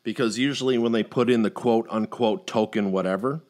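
This is a middle-aged man in a loose podcast chat, spinning an anecdote and jumping into quoted voices as he goes. His voice sits a little low, and he curses freely. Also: a little fast. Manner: animated storyteller who swears freely and acts out quotes. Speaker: podcast host. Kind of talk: casual storytelling chat.

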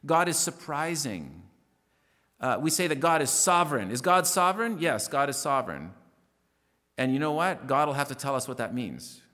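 A male pastor delivering a sermon in an earnest, emphatic way, slowing down to read scripture verses. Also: mid-range voice, very animated, pushed and bright, in a large hall. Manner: earnest preaching, rising emphatic stresses, slows to read verses. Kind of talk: radio sermon.

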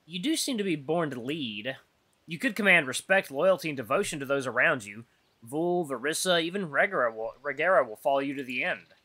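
A man's voice: fairly high pitch, lively intonation, a little fast, bright, forceful tone. A man voicing a playful human traveler as he reads a visual novel aloud, with a wry, teasing delivery. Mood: admiring. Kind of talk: voiced visual novel reading.

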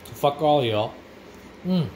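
A man's voice: on the high side, animated, takes it slowly, darkish tone. A man, casually reviewing food in a vlog with crude, profane, rowdy banter. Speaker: vlogger. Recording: faint background noise.

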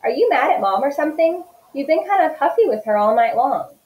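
Woman reading as a shy young boy, quiet and reluctant, storybook reading, echoey room. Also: sits high, big pitch swings, fairly quick, dull audio, pitched above the performer's own voice. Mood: subdued. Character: shy hurt ten-year-old boy.

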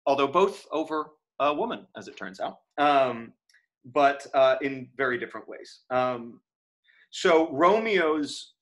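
A man giving a casual lecture on verse to acting students, often saying "um" and "right?" and tapping out lines in a steady, metronome-like rhythm. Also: medium pitch, measured pace. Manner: profane aside. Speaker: acting teacher.

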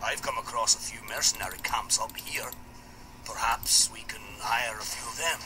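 A man doing a gruff old dwarf warrior. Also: medium pitch, moderate pace, natural voice, poor audio. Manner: blunt, teasing, calls people lad. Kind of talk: video game voice acting. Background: loud game music.

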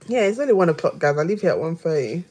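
A woman's voice: lowish voice, sing-song, racing, a little mellow. A woman, a guest in a casual chat, chipping in with short, laid-back, slangy remarks.

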